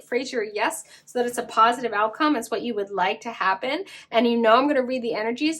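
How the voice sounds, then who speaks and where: A middle-aged woman hosts a pick-a-card tarot reading, her voice sitting a little high. She talks quickly and eagerly and gushes over every card she turns. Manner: fast, excitable and gushing. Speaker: tarot reader.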